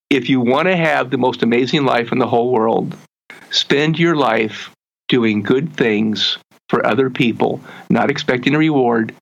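An earnest man, a guest in an interview, tells his life story in a mid-range voice. He halts and restarts his phrases often. He slows right down when he wants a point to land. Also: mid-range voice, vocal fry, highs cut off.

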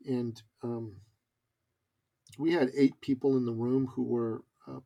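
A man with a gravelly edge and a somewhat husky voice tells a story as a guest on an interview. He speaks casually, with fillers and animated asides, in a voice of middling pitch. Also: takes it slowly. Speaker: podcast guest, business coach. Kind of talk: conversational storytelling.

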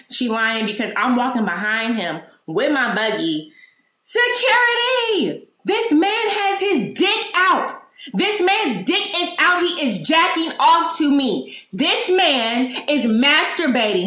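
A woman hosting her own podcast, telling a personal story in a candid, animated and profane way. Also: mid-range voice, echoey room. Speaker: podcast host.

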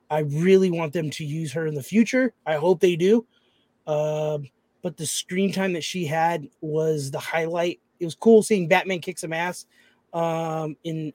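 A man's voice: on the high side, moderate pace, darkish tone, no echo. A man co-hosting a casual podcast chat, easygoing and agreeable. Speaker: podcast co-host.

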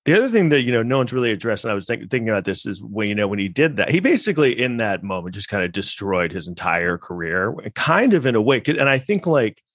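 A man reacts to clips in a loose, rambling commentary, sarcastic and mocking, with frequent swearing. His voice sits fairly low, and the recording is dry and close. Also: very animated, fast, hardly any pauses, fairly bright tone, no room sound. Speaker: podcast host.

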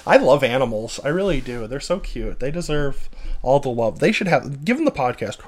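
A man co-hosting a casual gossip podcast with his wife, animated and joking, breaking into loud outbursts. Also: medium pitch, fairly quick. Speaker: podcast co-host.

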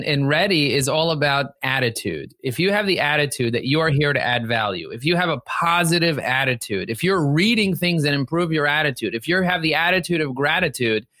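Punchy, bright-voiced male sales coach. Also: fairly high pitch, lively intonation, brisk, dry recording. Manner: emphatic, repetitive, preachy. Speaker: podcast host and sales coach. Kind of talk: motivational coaching talk. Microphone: podcast microphone.

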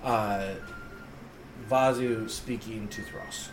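A man narrating as game master of a tabletop game, describing scenes in a measured way. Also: fairly low pitch, steady tone, roomy sound, noisy background.

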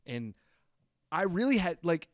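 A man's voice: high voice, big pitch swings, measured pace, dry recording, clean studio sound. A man co-hosting a podcast, talking casually about a film and ranting with casual swearing. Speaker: podcast co-host.

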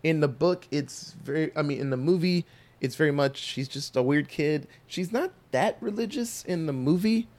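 A man's voice: fairly high pitch, normal speed, darkish tone. A man hosting a podcast, retelling a story in a folksy, rambling way with loose asides. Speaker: podcast host recapping a film. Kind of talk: casual chat.

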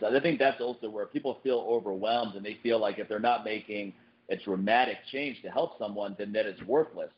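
A man talks quickly in a relaxed podcast chat. He is lively and leaps up in pitch when he acts out what other people say. The recording sounds dull and lo-fi. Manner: animated, jumps up in pitch when quoting people. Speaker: podcast host.

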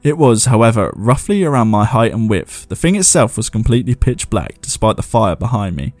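A man's voice: lowish voice, very animated, fairly quick, a little mellow, dry recording, faint music behind. A man hosting a show, chatting loosely and reading viewer ghost stories aloud, laughing at himself as he goes. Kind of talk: casual commentary and reading aloud.

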